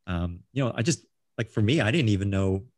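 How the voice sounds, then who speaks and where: A man's voice: fairly low pitch, lively intonation, fairly quick, a little mellow, no room sound, studio quality. A middle-aged man hosting a casual interview, rambling with many ums and restarts. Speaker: host.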